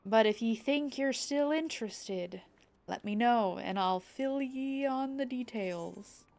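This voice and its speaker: A woman voicing a gruff male tavern keeper in a put-on southern pirate accent, drawling and rolling her R's as she reads. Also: a little high, slow pace, a little mellow. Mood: gruff welcoming. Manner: drawling, rolled R's, reading aloud.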